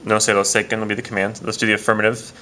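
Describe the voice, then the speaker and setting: A man's voice: fairly low pitch, little pitch movement, very fast, sharp tone, a little hiss or hum. A man teaching a casual video lesson, explaining step by step with frequent "uh" and "um" fillers. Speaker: Spanish teacher.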